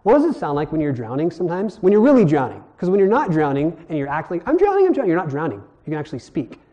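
A man's voice: fairly high pitch, sing-song, fast, dark tone, highs cut off. A man from Hawaii teaching a sermon in a conversational way, asking his listeners questions as he explains. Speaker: preacher.

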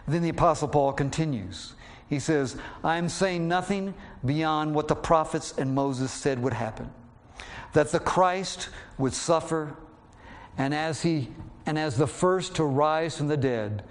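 A man preaching a sermon, slowing down to read scripture aloud and raising his voice to act out the quoted lines. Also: fairly high pitch. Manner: acts out quotes with raised voice; slows down when reading scripture.

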